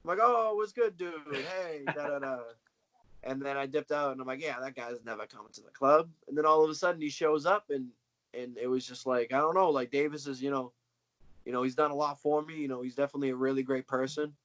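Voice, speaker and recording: A man's voice: mid-range voice, brisk, a bit bright, dull audio. Slangy young man telling stories on a call. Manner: slangy, boastful storyteller. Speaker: wrestler, interview guest. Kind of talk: casual video-call interview. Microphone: video call.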